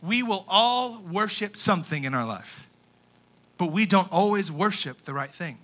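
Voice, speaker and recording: A young man preaching with a bright, forceful voice that sits a little high for a man. He moves between hushed scripture reading and loud, excited storytelling, casual in tone. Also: moderate pace. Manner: energetic storytelling, swings from quiet to shouting. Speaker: youth pastor. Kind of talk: sermon.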